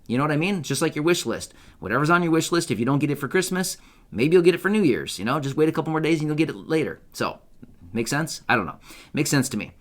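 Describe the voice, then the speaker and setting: A man hosting an online news channel, talking casually and excitedly to his viewers and often checking for agreement. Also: on the high side, fast. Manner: chatty, upbeat, asks viewers for agreement with repeated "right?"; loose, self-correcting delivery with fillers and restarts. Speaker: YouTube news host. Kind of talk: casual direct-to-camera commentary.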